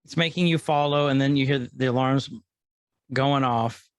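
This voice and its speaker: A man's voice: medium pitch, fairly even intonation, moderate pace, clean tone, dry recording. A man co-hosting a podcast, casually retelling episode scenes and quoting the characters. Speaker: podcast co-host.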